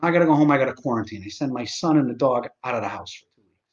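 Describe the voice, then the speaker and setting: A man's voice: mid-range voice, animated, racing, highs cut off. A man in his forties hosting a live stream, telling a story in a rambling, profane way full of restarts and asides. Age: 40s.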